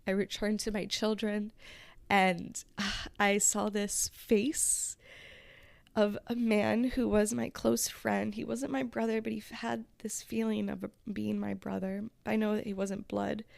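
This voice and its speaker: A woman hosting a podcast, telling a personal story in a slow, reflective and emotional way, at times close to tears. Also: medium pitch, vocal fry, darkish tone, no echo. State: tearful. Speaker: podcast host.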